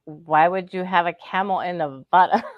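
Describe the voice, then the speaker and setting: A woman co-hosting a podcast in casual chat, chatty and quick to laugh. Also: lowish voice, steady tone, dry recording, muffled recording. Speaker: podcast co-host.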